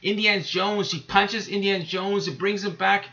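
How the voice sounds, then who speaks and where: A man hosting his own channel, delivering an angry solo rant to camera that swings up into shouting. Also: high-pitched, steady tone, normal speed, highs cut off. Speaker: YouTube host.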